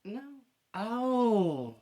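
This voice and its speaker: A woman's voice: mid-range voice, very animated, very slow, warm tone. A woman hosting a podcast, telling a profane story in casual chat and laughing often. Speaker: podcast host.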